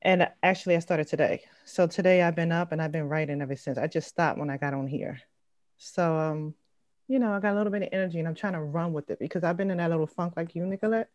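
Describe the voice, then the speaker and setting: A woman in her thirties talks through her week in a relaxed, rambling way, with lots of "like" and "um". Her voice sits a little low, and the call sound is dry and close with no room echo. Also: quick pace. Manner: chatty, fillers and trailing "like", acts out quotes. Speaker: mom sharing her week. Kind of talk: casual group chat.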